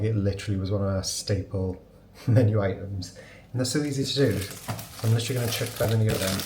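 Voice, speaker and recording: A chatty young man from England talks casually through a day at home. His voice sits on the low side, with a faint hiss of background noise under it. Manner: chatty, talks to his puppy in a cooing baby voice. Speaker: vlogger. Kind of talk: casual vlog chat.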